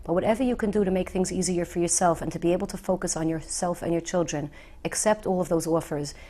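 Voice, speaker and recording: A middle-aged woman, herself widowed, speaking gently and earnestly to grieving women with reassuring repetition. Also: on the low side, fairly even intonation, quick pace. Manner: soft, earnest, reassuring, repeats key phrases. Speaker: widow giving advice to the bereaved. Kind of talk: gentle heartfelt talk to the viewer.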